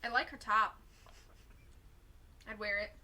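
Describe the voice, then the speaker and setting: A woman's voice: medium pitch, fairly even intonation, takes it slowly, bright, forceful tone. A woman streamer joking playfully while playing a game live. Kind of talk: casual game commentary.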